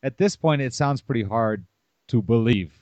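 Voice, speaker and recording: A man in casual podcast conversation, mid-pitched and musing, who keeps turning statements into questions. The recording is dry and close with a slightly dull, muffled tone. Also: animated, normal speed, darkish tone, dry recording.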